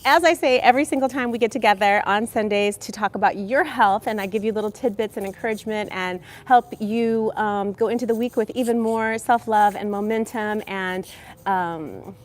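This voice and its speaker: A woman's voice: medium pitch, moderate pace. A woman hosting a casual health livestream from Los Angeles, bubbly, greeting chat viewers with pet names and kisses, speaking into a headset. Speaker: livestream host.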